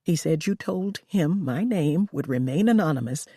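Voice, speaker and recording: The narrator voicing a wealthy, cornered woman who speaks in a tense, sharp, demanding way. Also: medium pitch, lively intonation, normal speed, slightly rough, no echo, clean studio sound.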